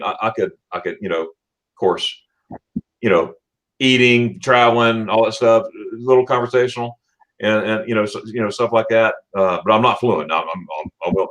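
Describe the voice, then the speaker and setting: A man's voice: lowish voice, fairly bright tone, poor audio. A man hosting a casual live-stream chat, stammering over his words, repeating himself and laughing often. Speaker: channel host.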